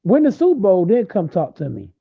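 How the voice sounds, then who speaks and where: A man in his late twenties arguing football in a heated casual chat, loud and repetitive, trash-talking. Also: high voice, wildly swooping pitch, brisk, vocal fry, breathy edge, no echo. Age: late 20s. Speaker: host. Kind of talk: heated casual sports argument. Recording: tinny phone-like sound.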